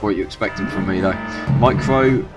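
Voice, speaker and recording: A gaming YouTuber talks briskly in a low voice over loud music while commentating his own strategy game match. He's casual and chatty, rambling and fixing his own mistakes as he goes.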